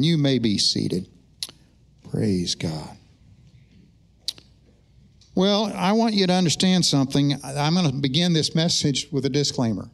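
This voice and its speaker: A middle-aged male pastor with a notably high-pitched voice delivers a sermon in a church service. He speaks in an animated, conversational way, mixing earnest teaching with self-deprecating humorous asides. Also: measured pace, vocal fry, pauses often. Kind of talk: sermon with opening prayer. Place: church sanctuary during a service.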